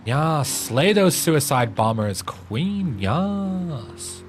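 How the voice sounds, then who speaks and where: A man putting on a high, squealing, campy cheerleader voice to hype up the on-screen action. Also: very animated, very slow, faint music behind, full character voice. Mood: gushing. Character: sassy over-the-top cheerleader voice.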